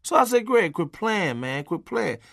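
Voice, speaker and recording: A man's voice: high voice, sing-song, normal speed, vocal fry, dry recording, clean studio sound. A middle-aged man narrating his memoir in a punchy, folksy, conversational way with salty language.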